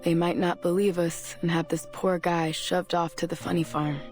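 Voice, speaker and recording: Gravelly woman voicing a weary investigator. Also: fairly low pitch, little pitch movement, normal speed, darkish tone, soft background music, natural voice. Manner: matter-of-fact, blunt. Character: weary, dry-humored female investigator. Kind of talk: video game voice acting.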